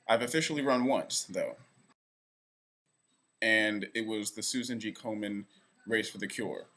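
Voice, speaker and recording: A man's voice: on the low side, measured pace, fairly bright tone. A young man vlogging to camera in a rambling, self-deprecating way. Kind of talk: casual direct-to-camera vlog. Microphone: camera facing speaker.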